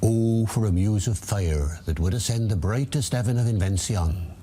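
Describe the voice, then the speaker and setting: Man doing a low mellow stage chorus, reciting verse, bit of hiss. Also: natural voice. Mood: declaiming. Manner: measured, declamatory. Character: male stage chorus declaiming a verse prologue.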